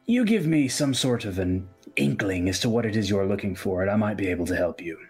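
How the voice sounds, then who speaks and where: A man voicing an older, skinny male half-orc bookshop keeper in a tabletop game, talking in quick, sly shopkeeper patter. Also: on the low side, lively intonation, a little mellow, breathy edge, soft background music, voice pushed down. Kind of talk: tabletop role-play character voice.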